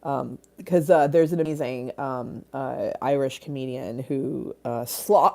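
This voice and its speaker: A woman's voice: a bass voice, a little slow, creaky, hardly any pauses, darkish tone. A woman hosting a casual livestream from her phone, rambling, swearing casually and reading out viewer comments. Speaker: livestream host.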